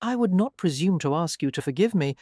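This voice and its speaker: An audiobook narrator voicing a bold gentleman who speaks with mockery. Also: mid-range voice, expressive, a little fast, dry recording, clean studio sound, natural voice. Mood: mocking. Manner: mocking. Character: bold, mocking gentleman husband.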